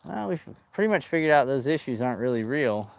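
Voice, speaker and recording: A man's voice: medium pitch, very animated, fast talker, creaky, slight background noise. A man talking casually to his viewers while working on his boat outdoors, rambling and joking, calling them dude. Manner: chatty, rambling, says dude a lot. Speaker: boat restoration vlogger.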